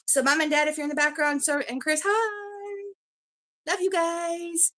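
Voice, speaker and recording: Canadian lady doing a chatty home livestream, high pitched, rambly, says hi to everyone by name. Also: flat delivery, a little slow, fairly bright tone. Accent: Canadian English. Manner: chatty, greets viewers by name, rambling with fillers. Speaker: livestream host. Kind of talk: casual live-stream chat.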